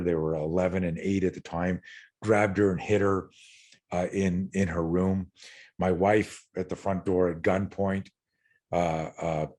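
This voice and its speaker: Blunt, low-voiced middle-aged man. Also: darkish tone. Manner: blunt and earnest, swears freely, repeats words when stirred. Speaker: self-defense instructor, podcast guest. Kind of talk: candid interview storytelling.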